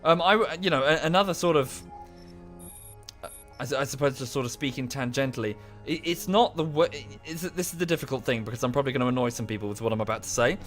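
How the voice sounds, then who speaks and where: A man's voice: medium pitch, fast talker, a bit bright, faint music behind. Rambling man in his thirties, ranting. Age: 30s. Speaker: game streamer. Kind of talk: casual live-stream chat. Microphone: close to the microphone.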